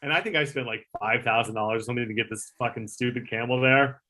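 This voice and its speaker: Fast, bright and forceful, his medium-pitched voice drives the story along. He's a middle-aged former talk show producer in a casual interview, mimicking the people he quotes while peppering his talk with filler words and curses.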